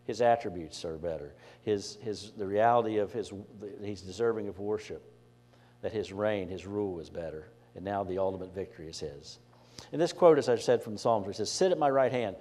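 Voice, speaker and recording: A man's voice: lowish voice, mellow. A man preaching a sermon as pastor, conversational, asking the congregation questions and restarting phrases as he goes. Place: church sanctuary. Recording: church hall reverb.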